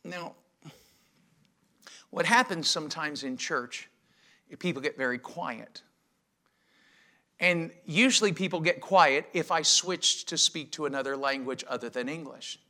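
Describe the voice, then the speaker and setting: Bright, forceful high-voiced male preacher. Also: lively intonation, unhurried, pauses often. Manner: emphatic preaching with rhetorical questions. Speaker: pastor. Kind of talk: sermon.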